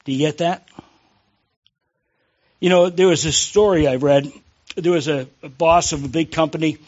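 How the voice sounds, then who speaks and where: Pastor, male, high voice, loose and jokey, talks straight to the pews. Lo-fi recording. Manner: jokey, conversational, asks the congregation questions. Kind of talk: sermon.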